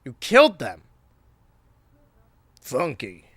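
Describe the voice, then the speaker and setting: A man streaming a video game, chatting casually in a rambling, jokey way that swings between loud outbursts and mutters. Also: mid-range voice, wildly swooping pitch, takes it slowly, no room sound. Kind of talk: casual let's-play commentary.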